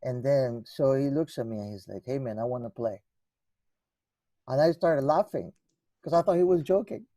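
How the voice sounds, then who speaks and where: Warm-voiced man telling stories. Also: medium pitch, a little fast, dry recording. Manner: rambling, many restarts, acts out dialogue. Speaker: guest musician. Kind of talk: conversational storytelling.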